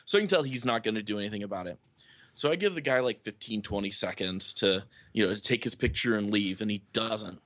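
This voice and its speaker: A man's voice: on the low side, fast talker, fairly bright tone, no echo. A man chatting casually on a sports podcast, telling long stories padded with many fillers. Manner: rambling storyteller, many "you know" fillers. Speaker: podcast co-host or guest.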